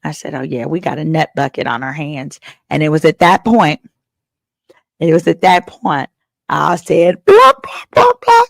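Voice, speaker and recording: A woman in her thirties tells a story with a gravelly, fry-edged voice and lively comic timing. She acts out the other people's lines as she talks from her father's house. The sound is close and dry, with no room around it. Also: low-pitched, normal speed, no echo. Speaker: attorney and host. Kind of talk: casual comedic storytelling.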